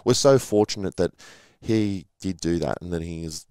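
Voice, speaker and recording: A middle-aged former rugby league player tells stories in a casual interview, chatty and acting out the voices of people he quotes. His deep voice is a little mellow and clean, moving at a normal speed in a studio-quality recording with no room sound.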